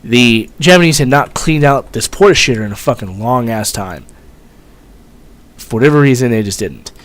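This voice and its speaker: A man's voice: mid-range voice, expressive, moderate pace, fairly bright tone. Young ex-marine guy rambling thru a story, swears a lot, lotsa ums and likes, medium voice. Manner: profane, rambling, lots of fillers. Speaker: former Marine telling a story. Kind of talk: casual storytelling vlog.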